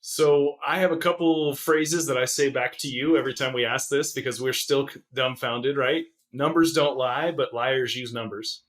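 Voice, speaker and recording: A man co-hosting a retirement planning podcast, speaking in a measured way and setting up questions for the guest. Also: medium pitch, fairly even intonation, fairly bright tone. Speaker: podcast co-host. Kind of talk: casual podcast chat.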